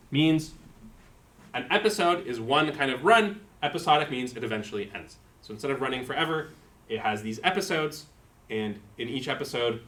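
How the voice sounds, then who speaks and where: A man's voice: mid-range voice, bright, forceful tone. A man giving a university lecture, explaining terms step by step and thinking aloud with fillers. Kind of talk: live-coded lecture.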